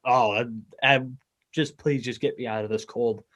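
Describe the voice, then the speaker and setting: A man's voice: mid-range voice, steady tone, normal speed, a bit bright. A man with an American accent hosting a sports talk show, putting questions to his guest in a friendly, eager way. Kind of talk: casual interview.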